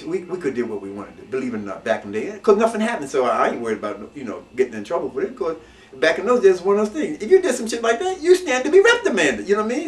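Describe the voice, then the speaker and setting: Animated fast-talking man, roomy and distant. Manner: swings between low muttering and loud emphatic outbursts, street slang. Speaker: interviewee recounting his past. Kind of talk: animated storytelling. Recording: roomy echo, mic at a distance.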